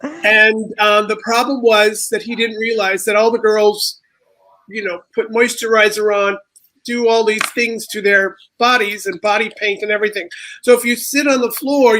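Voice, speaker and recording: A man's voice: high voice, flat delivery, moderate pace, pushed and bright, low-quality recording. A man who produces shows, telling a behind-the-scenes story on a video panel. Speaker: show producer. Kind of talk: anecdotal panel chat.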